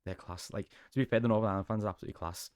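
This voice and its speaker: A man's voice: on the low side, steady tone, rapid-fire, darkish tone, clear, resonant tone, dry recording, clean studio sound. A man with a Liverpool Scouse accent, a podcast guest telling stories in casual chat, sweary and chatty. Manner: sweary, chatty storytelling with laughs.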